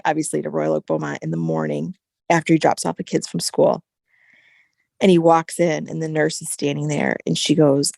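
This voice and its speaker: A woman guest telling a personal story in casual conversation, animated and full of "like" and "right?" fillers. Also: sits low, vocal fry, dry recording, clean studio sound. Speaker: podcast guest.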